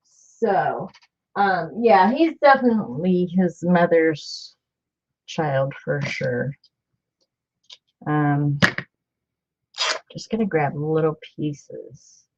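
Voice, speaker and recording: Low-voiced woman chatting while crafting. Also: drawn-out words, pauses often, a little mellow, muffled recording. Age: middle-aged. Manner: chatty, rambling, many fillers. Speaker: crafting vlogger. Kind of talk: casual crafting chat.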